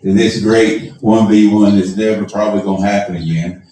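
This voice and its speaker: A man with a lowish, mellow voice hosts an awards show, speaking at a moderate pace with fairly even intonation. He tells a long, self-mocking story to a live audience and acts out the dialogue. The mic sits at a distance in an echoey room, with slight background noise.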